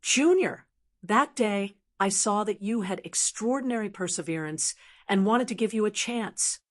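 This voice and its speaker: A woman's voice: mid-range voice, lively intonation, a little slow, lightly acted. Aloof ancient hidden master, old man, weary and grudging, read by a woman narrator; audiobook.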